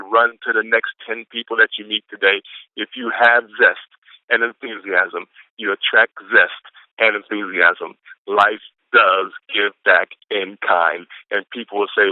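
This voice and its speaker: A man's voice: on the low side, clear, resonant tone, no room sound. A man from Atlanta, Georgia, giving a whooping, preacher-like motivational pep talk on a conference call. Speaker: caller sharing quotes. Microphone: telephone. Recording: tinny phone line, dry.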